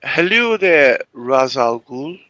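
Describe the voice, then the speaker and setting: A man's voice: mid-range voice, very animated, slow, pushed and bright, dry recording, dull audio. A man chatting on a live call in a mocking, provocative and crude way. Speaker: participant in open discussion. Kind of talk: casual chat on a live voice call.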